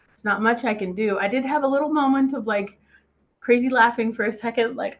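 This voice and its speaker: A woman's voice: a little high, fairly quick. A woman giving a motivational talk, telling a personal story in a chatty way and quoting herself often. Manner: laughs easily. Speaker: speaker.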